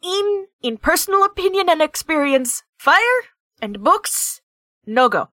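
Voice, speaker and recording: Woman doing a gruff Russian-accented brawler. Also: very high-pitched, very animated, unhurried, bright, forceful tone, dry recording, clean studio sound, voice pushed up, exaggerated voice. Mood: blunt. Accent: put-on Russian. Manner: clipped broken phrasing, dropped articles. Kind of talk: tabletop role-play.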